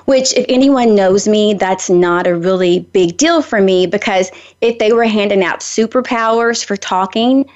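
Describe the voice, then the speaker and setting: A middle-aged woman from Nashville with a Southern accent, hosting a radio show and telling stories in a talkative, animated way. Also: mid-range voice, muffled recording. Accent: Southern American. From Nashville, Tennessee. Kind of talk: chatty radio monologue.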